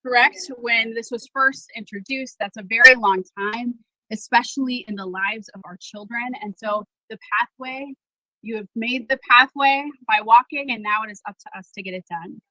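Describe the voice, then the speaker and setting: A woman's voice: fairly high pitch, moderate pace, sharp tone, dry recording, rough recording. A woman, a mother and person of faith, giving an assured, rousing speech at a rally. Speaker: speaker at a political rally.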